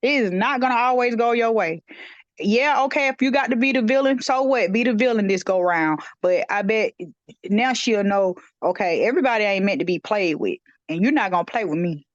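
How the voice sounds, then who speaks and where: A woman's voice: medium pitch, fairly quick, no room sound. A woman with a mid-range voice talks emphatically in casual conversation and keeps affirming her co-host. Her sound is dry and a little dull, like a lo-fi recording. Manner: emphatic, affirming with frequent mm-hmms. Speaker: podcast co-host. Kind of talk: casual chat.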